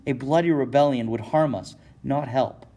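A man's voice: medium pitch, moderate pace, mellow, natural voice. A man doing a worried, cautious merchant. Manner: anxious, protesting.

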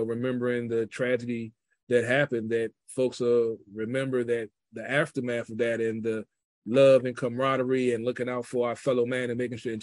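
A man's voice: mid-range voice, darkish tone, dry recording. A man talking as a guest in a casual chat, reflective and earnest, with loose, rambling phrasing. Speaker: podcast guest.

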